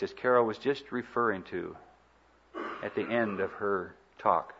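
A man preaching a sermon in an earnest, emphatic way, with dramatic pauses and swells. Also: medium pitch, expressive, a bit bright, lo-fi sound.

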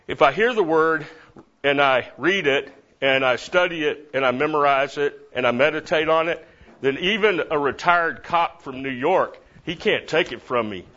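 A middle-aged man teaching a Bible class, lively and repeating verses while stressing different words. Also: a little high. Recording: dull lo-fi recording.

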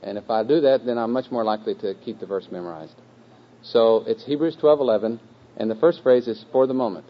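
A man teaching a group to memorize a scripture verse, speaking patiently with fillers and repeating phrases slowly. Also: fairly low pitch. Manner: patient, repetitive, slow chanting of phrases with a group. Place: room with a live group. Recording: dull lo-fi recording.

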